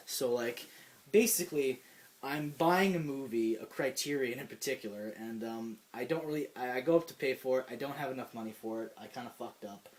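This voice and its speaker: Young male co-host, mid-pitched, swearing storyteller, loose and animated. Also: fairly quick. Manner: profane, animated storytelling with frequent "like". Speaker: podcast co-host. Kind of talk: casual ranting chat.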